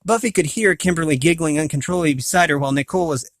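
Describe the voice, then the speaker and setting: Guy reading a book out loud, slightly high voice, trips and restarts a lot. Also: very fast, no room sound. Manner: frequent stumbles, restarts and self-corrections. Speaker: reader of a novel. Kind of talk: amateur audiobook reading.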